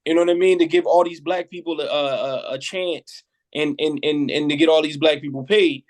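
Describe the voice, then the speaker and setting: A man chatting casually on a podcast, relaxed and often asking "you know what I mean". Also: a little high, moderate pace.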